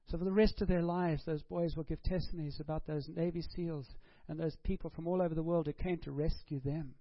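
A man's voice: fairly high pitch, fairly even intonation, brisk, few pauses, no echo, muffled recording. A man preaching a sermon, asking rhetorical questions and acting out prayers and dialogue.

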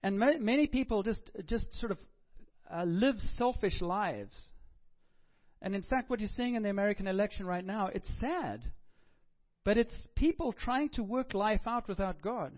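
A middle-aged man with a high voice preaches a sermon in a relaxed, chatty manner, slipping in jokes. The recording sounds dull and lo-fi. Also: moderate pace. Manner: chatty, joking, conversational preaching. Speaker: pastor.

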